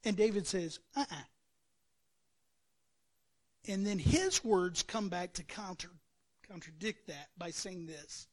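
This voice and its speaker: A man's voice: high voice, measured pace. A male pastor preaching a sermon, telling the story with energy and acting out quotes and sound effects.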